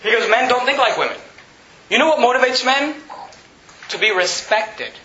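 Bright-voiced man preaching in echoey church. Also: extremely high pitch, expressive, a little hiss or hum. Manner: reads scripture aloud and explains it in plain talk; halting restarts and self-corrections. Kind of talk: sermon. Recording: echoey, dull lo-fi room recording.

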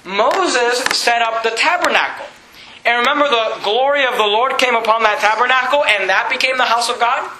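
High bright-voiced preacher, emphatic. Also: male voice, normal speed, roomy sound, a little hiss or hum, rough recording. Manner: emphatic preaching, quoting scripture. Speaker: pastor. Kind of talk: sermon. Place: church.

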